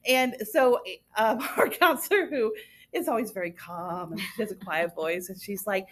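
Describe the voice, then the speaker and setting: A woman's voice: mid-range voice, normal speed. A woman teacher co-hosting a casual chat podcast, telling a story from school and laughing through it. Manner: giggly storyteller, laughs through her own stories.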